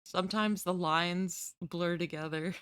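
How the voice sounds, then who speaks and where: A woman's voice: fairly low pitch, steady tone, unhurried, fairly bright tone, clear, resonant tone, no room sound, clean studio sound. A woman streamer chatting casually with her viewers, rambling and giggling at herself. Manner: giggly, rambling, self-deprecating.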